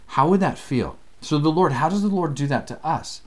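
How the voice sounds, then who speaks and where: A man leading a casual scripture study lesson, animated and acting out the voices he quotes. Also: a little high, moderate pace.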